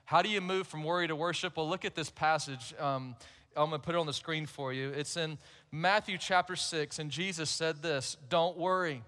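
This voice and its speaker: Male pastor, high bright voice, chatty storytelling sermon in a big church. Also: steady tone, normal speed. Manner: conversational storytelling, warm humor. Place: large church.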